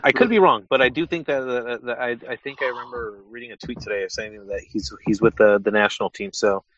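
A man's voice: mid-range voice, a little fast, fairly bright tone. A man co-hosting a casual podcast chat, talking tentatively and hedging his points. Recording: slightly dull lo-fi sound.

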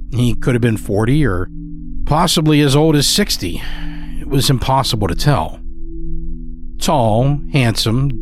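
A man narrating a dark, humorous story in a measured, descriptive way. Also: mid-range voice. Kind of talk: scripted horror story narration.

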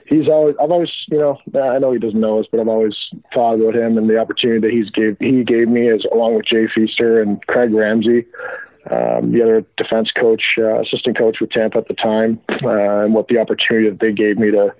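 A man, a former pro hockey player, speaking as a guest and reflecting slowly with many restarts. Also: lowish voice, no room sound. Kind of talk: casual interview chat. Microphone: phone call. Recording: dry, husky phone line.

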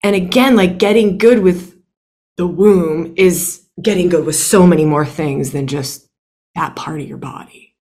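A woman's voice: lowish voice, unhurried, dark tone. A young adult woman teaching a workshop, emphatic and blunt, swearing freely and repeating phrases for emphasis. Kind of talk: impassioned teaching talk.

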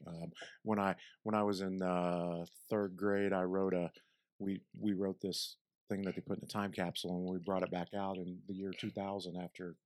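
Deep-voiced middle-aged man, casual. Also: level tone, normal speed, no room sound, clean studio sound. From southern Illinois. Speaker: podcast guest. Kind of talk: casual chat.

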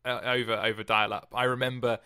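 A man's voice: mid-range voice, little pitch movement, fairly quick, pushed and bright, smooth. A man hosting a podcast in casual chat, dry and teasing, laughing often, talking into a close mic. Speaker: podcast host. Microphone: close podcast mic, wearing earbuds.

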